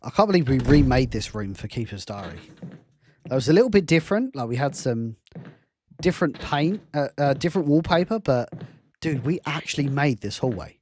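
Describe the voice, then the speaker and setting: In casual gameplay commentary, this young fan film director and streamer rambles, laughs frequently, and is self-deprecating. His mid-range voice is a little mellow, fairly quick, and lively in intonation, with slight background noise.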